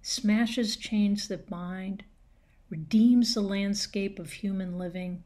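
A woman preaching a sermon at an unhurried, deliberate pace. She leans on key words with emphasis and lets dramatic pauses sit between phrases. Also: mid-range voice, steady tone, dark tone.

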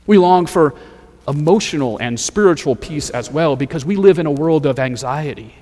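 A man preaching a sermon as pastor, measured and rhetorical, building points through repeated phrases. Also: fairly high pitch, lively intonation, darkish tone, long reverb tail.

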